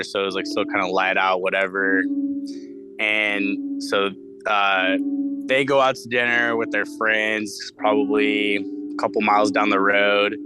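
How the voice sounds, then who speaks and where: Young guy in his 20s rambling through a spooky story, lots of "like", swears a bunch, lowish voice, music playing behind. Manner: rambling, filler-heavy, swears freely. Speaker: guest storyteller. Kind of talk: casual spoken ghost story. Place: studio.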